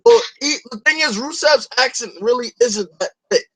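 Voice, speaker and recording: High-voiced, profane male podcast host. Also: normal speed, pushed and bright, a little hiss or hum, low-quality recording. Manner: profane, rambling, opinionated. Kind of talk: casual podcast chat.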